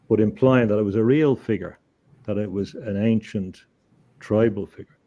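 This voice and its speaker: A man speaks as an interview guest in a low, mellow voice. He tells his story earnestly, stumbling and repeating words as he gathers his thoughts. The audio is dull and lo-fi. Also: a little slow. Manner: earnest, hesitant, repeats words while thinking. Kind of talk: conversational storytelling.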